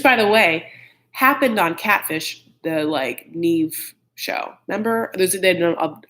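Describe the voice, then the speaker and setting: A man's voice: high-pitched, fairly bright tone. Catty man gossiping about reality TV. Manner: catty, gossipy, blunt with frequent "like"; mocking quoted voices of reality cast. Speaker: reality TV recap host. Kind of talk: live chat recap commentary.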